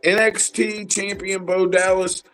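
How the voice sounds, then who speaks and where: A man co-hosting a casual wrestling chat show, talking in an animated, profane, rambling way. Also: high voice, unhurried, clean tone, soft background music, rough recording. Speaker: podcast co-host.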